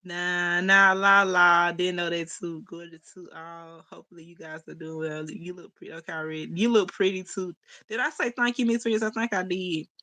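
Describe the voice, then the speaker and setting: Young woman on a phone livestream, aave, laughy and chatty w her chat, crisp bright tone. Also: on the low side, little pitch movement, moderate pace. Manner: chatty, laughs often, talks to chat as y'all. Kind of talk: casual livestream chat, reading comments.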